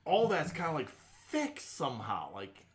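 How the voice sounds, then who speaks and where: Podcast co-host, higher voice with wide swings, halting casual chatter, stumbles often. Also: male voice, huge pitch swings. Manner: halting, many repeated starts and fillers. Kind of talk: casual chat.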